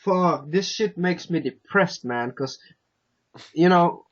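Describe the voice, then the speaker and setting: A man's voice: fairly high pitch, dull audio. A man in casual chat who speaks bluntly, swears a lot and sometimes stumbles over his words. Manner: blunt, swearing, a little halting.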